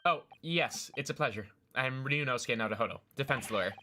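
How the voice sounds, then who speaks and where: A man's voice: medium pitch, a little fast, bright, forceful tone, a little hiss or hum, close to an everyday voice. A man reading game dialogue aloud as a polite, slightly hesitant young male defense lawyer.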